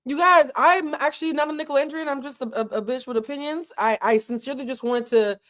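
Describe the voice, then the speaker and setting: A woman commenting on a reality show in a candid, emotional way, with dramatic pauses and moments of being moved. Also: sits high, fairly bright tone.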